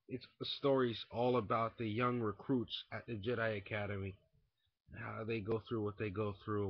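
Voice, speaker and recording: A young man ranting casually into a webcam indoors, profane and rambling, swinging from muttering to shouting. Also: lowish voice, no echo. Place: indoors at home. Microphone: webcam mic. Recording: dull lo-fi webcam audio.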